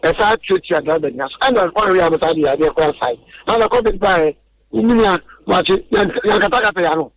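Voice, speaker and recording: A man's voice: high voice, fairly quick, dry recording, poor audio. A man speaks on a radio discussion in a slightly raised register. He explains at length, earnest and methodical. He often repeats words as he builds each point.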